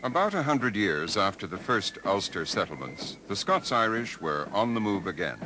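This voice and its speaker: A man giving scripted narration for a documentary in a measured, expressive way. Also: on the low side, over loud music, poor audio. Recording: archival 1980s documentary with noise.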